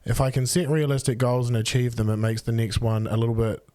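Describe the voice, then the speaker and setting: Frank New host, dry sound. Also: male voice, medium pitch, fairly even intonation, quick pace, dark tone, dry recording. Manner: frank, casual, swears freely. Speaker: podcast host. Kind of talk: casual podcast chat. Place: studio in a computer store.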